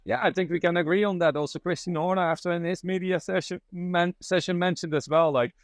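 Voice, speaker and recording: A man's voice: high-pitched, steady tone, a little fast, no echo, studio quality. Enthusiastic male racing reporter. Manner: enthusiastic, non-native phrasing. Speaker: motorsport reporter, co-host. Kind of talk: casual on-site chat. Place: outdoors at a race paddock.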